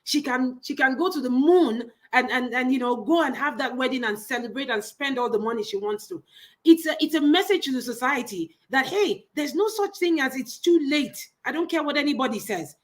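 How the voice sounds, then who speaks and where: A woman's voice: high voice, animated, brisk. A woman with a Nigerian accent, co-hosting a casual gossip chat, talking emphatically and mockingly and repeating words. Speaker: co-host.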